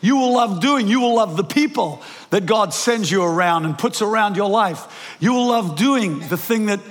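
A man's voice: high-pitched, animated, normal speed. An older man with a New Zealand accent preaching a sermon, telling stories with lots of restarts and self-deprecating asides. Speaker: pastor. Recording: preached in a large reverberant hall.

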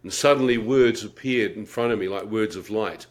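A middle-aged guest shares his conversion testimony in a vivid, wry way, laughing at himself and acting out his own thoughts. His voice is lowish and his speed normal.

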